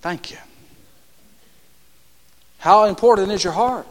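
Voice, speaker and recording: A man preaching a sermon in church, calling out questions to the congregation and swinging between shouts and soft asides. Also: sits high, slow. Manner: call-and-response, rhetorical questions to the congregation. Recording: long church hall reverb.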